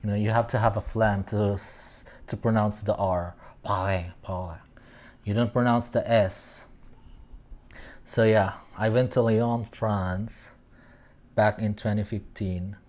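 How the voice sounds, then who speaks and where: A man's voice: lowish voice, fairly even intonation, a little slow, darkish tone. A man hosting a casual fan commentary show, reading out posts and rambling, often stopping to search for words. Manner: meandering, searching for words aloud. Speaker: host.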